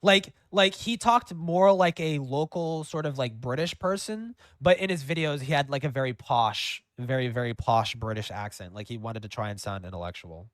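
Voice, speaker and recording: A man's voice: medium pitch, normal speed, hardly any pauses, a bit bright, no room sound, clean studio sound. A man hosting a livestream in casual chat, rambling with lots of fillers and swearing. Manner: rambling, profane, with many fillers. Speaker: streamer host.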